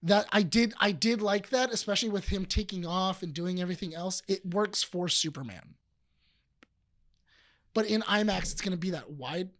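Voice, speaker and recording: A man's voice: high voice, moderate pace, fairly bright tone, no echo, studio quality. Rambling man telling anecdotes. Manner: rambling with restarts and quoted asides. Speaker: podcast co-host. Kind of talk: casual chat.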